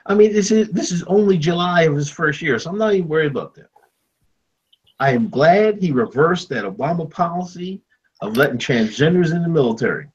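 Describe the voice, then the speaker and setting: A man voicing a loud conservative male veteran uncle who rants and heckles, his pitch jumping high when outraged. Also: expressive, a little fast, husky. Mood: ranting. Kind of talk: comedic podcast role-play. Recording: dull lo-fi audio.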